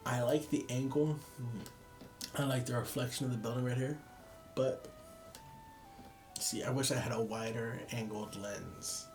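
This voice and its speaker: A young man in casual chat, tired and yawning, rambling and poking fun at himself. His voice sits at an average pitch. Faint music plays quietly beneath him. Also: steady tone, unhurried, long pauses. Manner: rambling, self-deprecating, laughs at own jokes. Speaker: photography vlogger.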